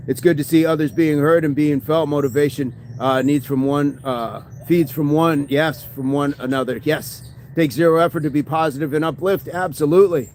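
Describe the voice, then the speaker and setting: A man's voice: mid-range voice, a little mellow, a little hiss or hum. A man hosting a fitness livestream, chatting casually and answering viewer comments, often agreeing with "absolutely".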